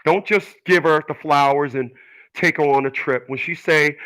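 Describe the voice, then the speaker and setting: A middle-aged man delivers an emphatic personal monologue to his audience. His voice is bright and forceful, sitting a little higher than most men's. He presses his points with earnest, preachy conviction. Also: normal speed, low-quality recording. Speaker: channel host.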